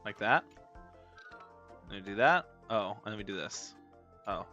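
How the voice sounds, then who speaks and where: A male streamer rambles and jokes in casual slang while playing a game. His voice is bright and forward, the recording slightly dull and lo-fi. Faint music runs underneath. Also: on the low side, lively intonation, a little slow. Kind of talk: casual gameplay commentary.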